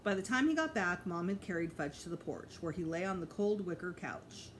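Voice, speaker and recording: A teacher reading a children's chapter book aloud in an expressive storytelling manner. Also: female voice, fairly low pitch, fairly quick, slight background noise. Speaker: elementary school teacher.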